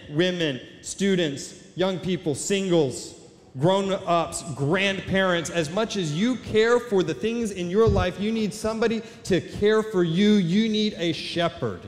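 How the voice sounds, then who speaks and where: A male pastor preaching a sermon in a large church, building from quiet questions to shouted, repeated declarations. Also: sits high. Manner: rising to shouted, repetitive declarations. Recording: long hall reverb.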